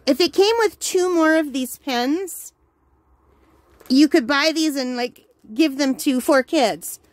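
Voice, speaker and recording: Woman, slightly high voice, chatty, delighted, casual unboxing talk at home, hiccups. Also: takes it slowly, dry recording. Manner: chatty, enthusiastic, easily delighted. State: has the hiccups. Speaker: crafting channel host.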